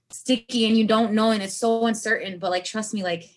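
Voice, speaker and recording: A woman's voice: a little high, flat delivery, normal speed. Earnest young woman guest. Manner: earnest and open, encouraging. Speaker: podcast guest. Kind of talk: casual chat.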